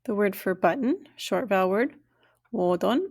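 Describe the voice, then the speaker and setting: A woman teaching a language lesson, saying each word slowly and clearly and then repeating it. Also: mid-range voice, darkish tone.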